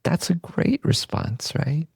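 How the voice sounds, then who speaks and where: A man hosting a podcast, giving a calm, unhurried, reflective Buddhist teaching talk that trails off softly at the ends of phrases. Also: a little high, creaky, husky, no echo. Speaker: podcast host and meditation teacher.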